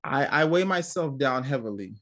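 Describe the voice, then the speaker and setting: A man's voice: medium pitch, expressive, moderate pace, a bit bright. A young man hosting a podcast, talking in casual chat with a profane, rambling way of storytelling. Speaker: podcast host.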